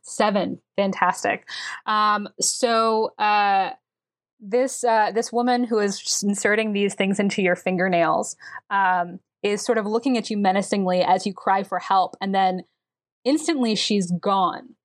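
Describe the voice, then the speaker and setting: Woman, game master, tabletop narration, descriptive, lots of ums, mid-pitched voice. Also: fairly even intonation, a little slow. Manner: descriptive, with many fillers.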